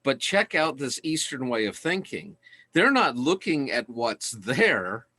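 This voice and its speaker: Man, casual lecture, enthusiastic, laughs a lot, dry close sound, mid pitch. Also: sing-song, unhurried, pushed and bright, no room sound. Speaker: teacher.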